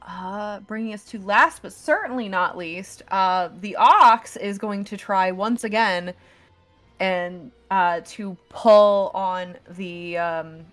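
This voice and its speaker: A woman narrating as game master of a tabletop game, unhurried, with many fillers and restarts. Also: medium pitch, a bit bright, soft background music.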